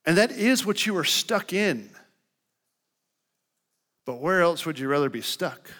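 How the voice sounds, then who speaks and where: A man's voice: fairly high pitch, lively intonation, a little slow, bright, forceful tone. A young man preaching a sermon in a loose, conversational way, often saying "like". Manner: conversational, lots of "like" fillers. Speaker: pastor.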